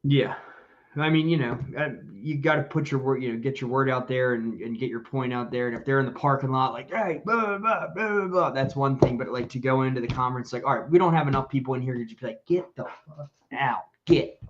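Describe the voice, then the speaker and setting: A man's voice: mid-range voice, fairly even intonation, fast talker, lo-fi sound. Blunt, rambling male podcast co-host. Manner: blunt, profane, rambling with fillers. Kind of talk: casual live-stream chat.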